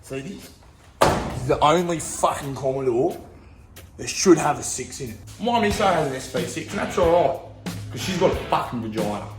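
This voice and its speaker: A man plays a crude, quick-tempered bogan in a comedy sketch. His voice sits a little high and moves widely in pitch, with loud music playing behind him. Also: expressive, reverberant, lightly acted. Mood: angry ranting. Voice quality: crude, swearing. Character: crude male bogan mate, hot-tempered.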